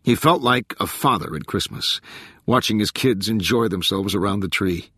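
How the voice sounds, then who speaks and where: A man narrating an audiobook in a measured, even reading with a husky voice. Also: on the low side, dry recording, clean studio sound. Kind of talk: scripted narration.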